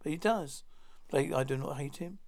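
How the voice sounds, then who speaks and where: Gravelly man reading a script aloud. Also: on the high side, normal speed, darkish tone. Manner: announces each speaker's name before the line. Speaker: narrator reading all parts. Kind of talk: plain read-through of a script.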